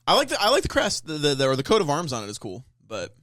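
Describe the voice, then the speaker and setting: A man's voice: a little high, wildly swooping pitch, fast talker, fairly bright tone, dry recording, clean studio sound. A young man co-hosting a casual podcast, rambling and restarting often. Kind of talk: casual chat.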